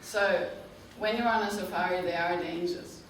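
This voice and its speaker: A woman giving a guest lecture to students, speaking slowly and clearly and often checking in with "okay?". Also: fairly low pitch, steady tone. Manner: slow, clear teaching talk, checks in with frequent "okay?". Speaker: tour operator director giving a guest lecture. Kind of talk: classroom presentation to students. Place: university classroom. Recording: echoey classroom, distant mic, faint noise.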